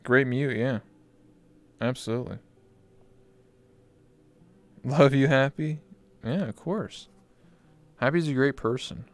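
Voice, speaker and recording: A man's voice: medium pitch, slow pace, long pauses. A man hosting a live-stream interview in casual chat, joking crudely and swearing a lot. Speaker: talk show host. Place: virtual reality chat stream.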